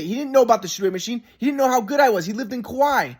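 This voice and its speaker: A man's voice: sits high, lively intonation, fast, hardly any pauses, breathy edge. A man in a rambling, casual monologue, often restarting and repeating himself, frustrated and swearing.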